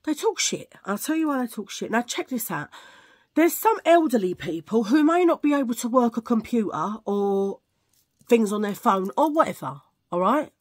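A woman's voice: on the high side, animated, normal speed, darkish tone. Woman, casual vlog chat, rambling, close camera. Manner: rambling, chatty, jumps between tangents. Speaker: vlogger. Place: at home filming under a ring light.

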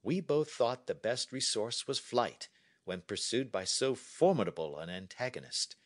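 A man reading as a poised, lively young woman. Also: medium pitch, voice pushed up. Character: clever young woman writing a farewell letter. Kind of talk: storybook reading for learners.

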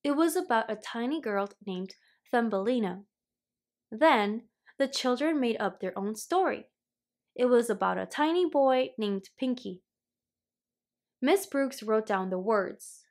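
Woman, children's story read-aloud, slow, expressive, fairly high voice. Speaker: storybook reader.

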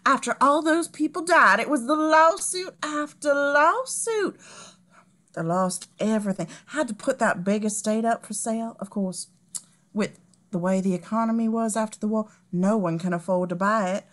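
Eine Frau, die eine tratschende, snobistische Erbin mit dickem Südstaatenakzent in einer komödiantischen Lesung spricht. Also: female voice, a little high, lively intonation, moderate pace, fairly bright tone. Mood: gossipy, gushing. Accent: Southern US. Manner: chatty, affected, gossipy. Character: gossipy, snobbish Southern heiress, woman. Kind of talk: comedic table read.

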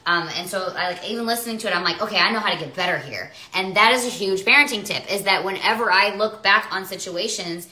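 A woman's voice: fairly low pitch, pushed and bright. A mother talking on a livestream in a rambling, self-justifying way, restarting her sentences often. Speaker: mother and social media seller. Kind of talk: rambling live stream monologue.

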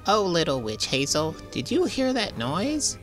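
A man squeaking as frantic little mole sisters. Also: wildly swooping pitch, measured pace, music in the background. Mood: frightened. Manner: squeaky, anxious. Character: frightened small female mole sisters, squeaky and fretful.

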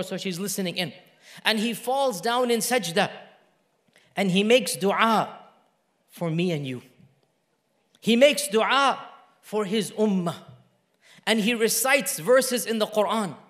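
A man preaching a sermon with passion, repeating phrases and swinging between loud emphasis and hushed lines. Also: high voice.

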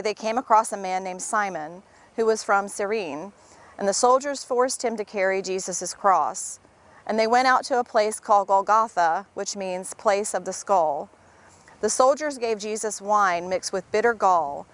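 A woman reading a devotional passage from the Bible aloud outdoors in front of a city hall, in a measured, expressive way. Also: mid-range voice. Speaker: scripture reader.

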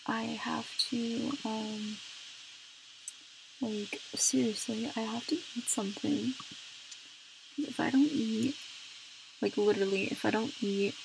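A young woman with a fairly high, gravelly voice talks at an unhurried pace. She chats casually over her gameplay, exasperated and scolding as she goes. A faint hiss sits under the recording. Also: fairly even intonation. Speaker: gaming YouTuber.

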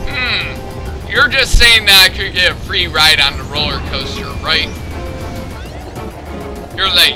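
A man's voice: high-pitched, takes it slowly, long pauses. A man giving joking commentary over a video game, sarcastic and goofy, talking back to the characters on screen. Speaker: let's play commentator. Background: game music.

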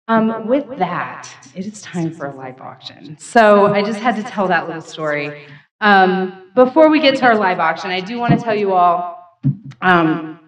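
Woman, 30s, chatty gala emcee, self-deprecating and quick to laugh. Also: mid-range voice, poor audio. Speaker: gala emcee and raptor program staff. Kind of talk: casual storytelling speech at a gala. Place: banquet hall at a live event.

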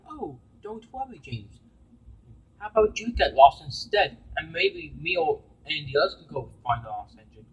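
A cross, bossy female engine snaps and sneers, as a man voices her in a homemade story. The voice sits high and swoops widely, with a slightly husky edge. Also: big pitch swings, normal speed, poor audio. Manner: snappy, sarcastic. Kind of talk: amateur fan story voice acting.

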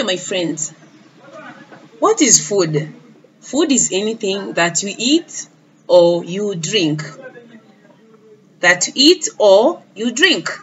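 A woman's voice: mid-range voice, muffled recording, a little hiss or hum. A woman teaching a lesson to young children, speaking patiently and repeating words for them to echo back. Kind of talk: early-years classroom lesson.

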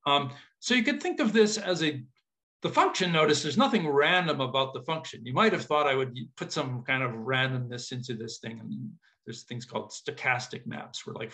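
A man's voice: mid-range voice, sharp tone. A man giving an informal mathematics lecture, thinking aloud with casual asides and checking that his audience follows.

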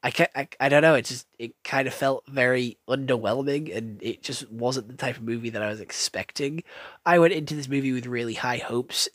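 A man's voice: mid-range voice, no room sound. Blunt rambling man reviewing a film. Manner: rambling, blunt, swears freely, many fillers. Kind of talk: casual spoken film review.

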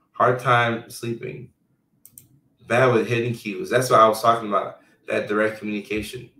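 A man hosting a casual live stream as a health care provider, reading viewer comments out loud in a loose, chatty way full of fillers. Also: lowish voice. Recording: roomy sound from a distant mic.

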